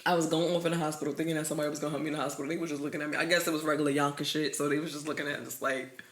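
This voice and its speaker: A young woman, co-hosting a podcast, telling stories in an animated, profane way and laughing through them. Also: sits low, racing. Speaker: podcast co-host. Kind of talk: casual storytelling chat. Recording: echoey room.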